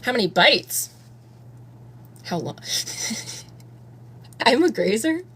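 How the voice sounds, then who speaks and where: A woman's voice: fairly high pitch, very animated, takes it slowly, fairly bright tone, slightly rough. A woman in her thirties chatting casually on a live stream at home, rambling and candid and swearing freely while she does her makeup. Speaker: livestreamer.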